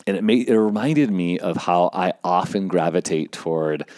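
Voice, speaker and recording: Low-voiced man telling a personal story. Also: normal speed, darkish tone, no echo, clean studio sound. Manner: conversational, rambling with fillers, acts out quoted lines. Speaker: event stage manager telling a story.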